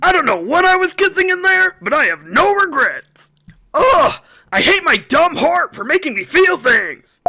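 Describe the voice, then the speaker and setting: Bratty cartoon teen princess: piercing and bright, slow, wildly swooping pitch. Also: female voice, very animated, heavily acted. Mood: melodramatic. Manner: sassy, dramatic, sudden shouts. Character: whiny melodramatic teen princess made of lumps. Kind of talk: cartoon voice impression.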